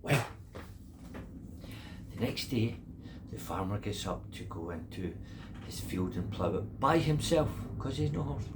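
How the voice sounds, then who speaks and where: A man's voice: fairly low pitch, a little slow, pauses often, background noise. An older man telling a folk tale as a grandfather-style storyteller, repeating words for effect. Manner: animated, repetitive storytelling.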